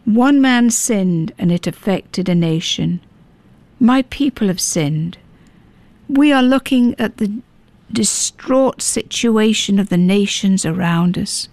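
A woman's voice: mid-range voice, lively intonation, takes it slowly, a little mellow, no room sound. Earnest woman preaching a sermon. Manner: earnest, pleading, rhetorical questions.

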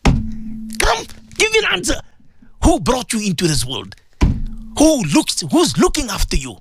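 A man's voice: extremely high pitch, wildly swooping pitch, unhurried, background noise. A man presenting religious radio talk, praying and preaching fervently with repeated pleading phrases.

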